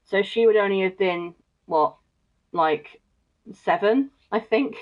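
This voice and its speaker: A woman's voice: mid-range voice, slow pace. A young woman streamer telling a casual story, rambling with many fillers and frequent laughs. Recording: dull lo-fi mic.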